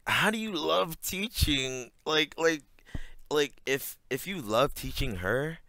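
A man chatting through his reactions at an unhurried pace, stacking fillers and curse words and breaking into laughs. His voice is smooth and clear, with a lively rise and fall. The sound is close and dry. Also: on the high side, no echo. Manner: rambling, heavy on fillers, swears a lot, laughs often. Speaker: commentator reacting to a TV clip. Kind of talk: casual reaction commentary.

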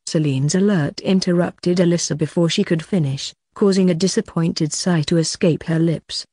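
An audiobook narrator reading a science fiction story in an even, steady way. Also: mid-range voice, normal speed, few pauses, no room sound, studio quality. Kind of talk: scripted narration.

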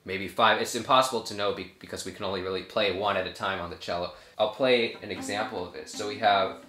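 A young man, a cellist, explaining a piece in a relaxed, casual way with frequent fillers. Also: on the low side, fast talker, soft background music. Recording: echoey room with cello playing.

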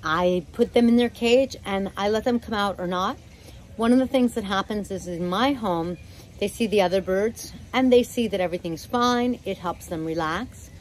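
Gentle, relaxed woman host. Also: medium pitch, normal speed, slight background noise, low-quality recording. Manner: gentle and relaxed, chatty with fillers. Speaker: parrot channel host. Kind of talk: casual instructional talk. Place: at home with her parrots.

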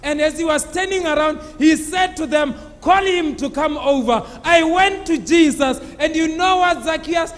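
A man playing a formerly blind beggar who excitedly tells how he was healed, often shouting. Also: very high voice, moderate pace, few pauses, big-room sound, pitched above the performer's own voice. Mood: joyful excited.

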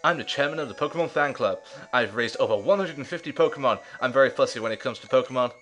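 A man voicing a fussy old male fan club chairman, with a quick, gushing read-out. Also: medium pitch, a bit bright, soft background music, natural voice.

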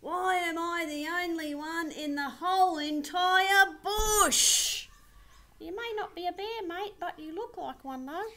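A woman's voice: very high voice, animated, moderate pace, hardly any pauses, pitched above the performer's own voice. A woman voicing a grumpy, fed-up male koala who rants in rhyme in a storybook reading. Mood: indignant. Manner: indignant, ranting in rhyme.

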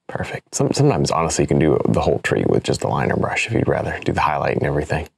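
A man's voice: very deep voice, very fast, vocal fry, breathy edge, no echo, clean studio sound. A man demonstrating an oil painting, chatting casually and thinking aloud as he works. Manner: relaxed, chatty, thinks aloud with small laughs. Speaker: painting instructor.

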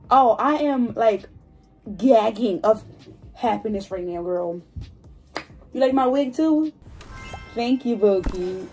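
A woman in her twenties chatting excitedly to her viewers in a hair vlog, gushing and talkative. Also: fairly high pitch, measured pace, pauses often, breathy edge, faint music behind. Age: 20s. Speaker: hair vlogger. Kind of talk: casual chat to viewers. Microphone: phone.

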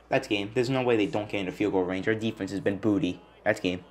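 A young man with a fairly low voice, narrating his football video game with rising frustration. He talks straight into a desk mic, swinging from muttering to shouting. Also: little pitch movement, normal speed. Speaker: gaming YouTuber. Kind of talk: gameplay commentary.

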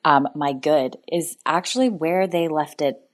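A female caller from Canada with a notably low voice, weighing her thoughts out loud. She pauses and hesitates with ums as she goes. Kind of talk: recorded listener message.

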